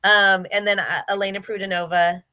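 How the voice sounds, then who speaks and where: Chatty woman with a bright, forceful voice. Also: medium pitch, steady tone, normal speed, slight background noise. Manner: chatty storyteller, many fillers and restarts. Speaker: interview guest, former gymnast. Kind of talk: casual interview chat.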